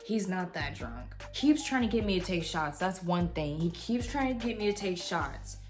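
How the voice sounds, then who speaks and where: A young woman vlogger casually telling a story at home, animated and swearing freely as she acts out what people said. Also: lowish voice, normal speed, faint music behind. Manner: animated, swears freely, voices others in quotes. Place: home room with a heater.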